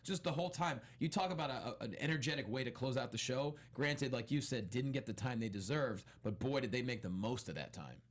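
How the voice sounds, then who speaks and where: A man's voice: medium pitch, lively intonation. A man on a podcast panel, chatting casually with enthusiasm. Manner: enthusiastic, quick to laugh. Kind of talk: casual chat.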